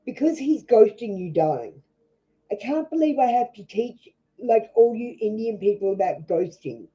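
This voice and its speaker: A woman's voice: a little high, expressive, moderate pace, mellow, husky. Australian woman, blunt tarot reader, swears freely, scolding, dull lo-fi stream. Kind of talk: live-stream tarot reading, chatting with viewers.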